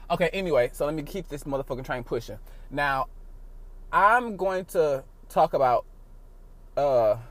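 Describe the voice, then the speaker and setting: A man hosting his own podcast, talking casually in a rambling, profane way with big swings in loudness. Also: a little high, no room sound. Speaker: podcast host. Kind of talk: casual solo podcast monologue.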